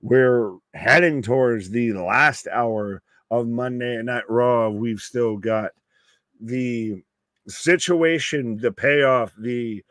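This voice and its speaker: This is a man co-hosting a live wrestling watch-along, talking casually and loosely to his chat. He rambles, jokes and swears without a second thought. His voice sits at an ordinary pitch and sounds dry and close. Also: slow, fairly bright tone, no echo. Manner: rambling, jokey, swears freely. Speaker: live stream co-host.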